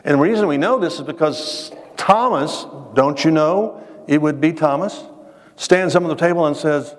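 A man preaching to his congregation in a church, mixing scripture with a personal story, asking the listeners questions and repeating words as he builds to his points. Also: a little high. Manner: conversational, addresses the congregation directly with questions; restarts phrases, dramatic pauses. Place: church sanctuary. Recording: reverberant hall sound.

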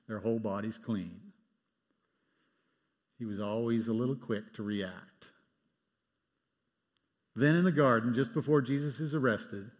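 A man delivers a sermon, reading scripture and voicing its speakers with lively emphasis between dry, wry asides. His voice sits at an ordinary middle pitch. The sound carries a long reverb from the church sanctuary around him. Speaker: pastor.

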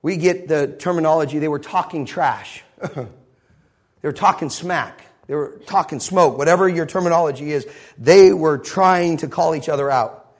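A male pastor delivering a lively sermon, retelling the story with energy and playing out each scene. His voice sits high for a man and has a husky, breathy edge. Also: normal speed. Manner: animated storytelling, acts out scenes.

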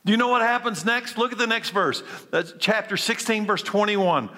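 A man delivers a sermon in a high, bright, forceful voice. He drops to hushed, slow phrases and then climbs back to emphatic questions, repeating his main lines. The sound rings with a long hall reverb. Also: animated. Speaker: preacher.

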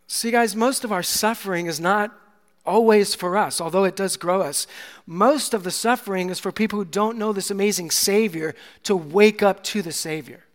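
A male pastor preaching a sermon with passion, swinging from soft, hushed moments to loud, climactic peaks. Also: high voice, moderate pace. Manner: impassioned, builds to loud climaxes, drops to soft near-whispers. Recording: long hall reverb.

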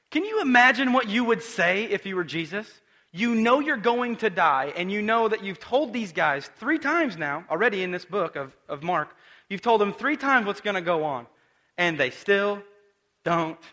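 Lively high-voiced male pastor. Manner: animated storytelling with acted quotes and direct questions to the audience. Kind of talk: conversational sermon.

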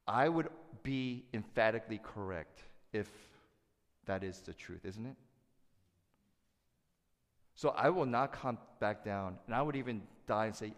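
Animated male preacher in a reverberant hall. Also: medium pitch, moderate pace. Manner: animated, asks the congregation to respond. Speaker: pastor. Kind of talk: sermon.

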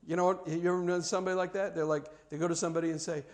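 A man's voice: a little high, steady tone, racing, hardly any pauses. A male pastor preaching a sermon, telling a story and acting out quoted voices with frequent repeated words.

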